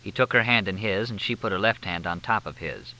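A man narrating a novel in measured, even storytelling. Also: lowish voice, rough recording. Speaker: audiobook narrator. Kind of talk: scripted narration.

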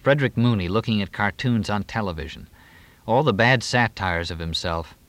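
A man's voice: on the low side, moderate pace, a bit bright, no echo, natural voice. A man reading an audiobook, voicing a wry, easygoing man in close to his own voice.

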